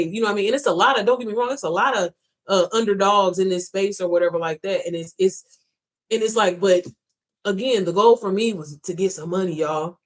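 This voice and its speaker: Fast-talking blunt, profane woman. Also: mid-range voice. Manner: blunt, heavily profane, talks straight to viewers as "y'all"; rambling with frequent restarts and "you know what I'm saying". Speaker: women's business coach. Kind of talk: casual motivational vlog monologue.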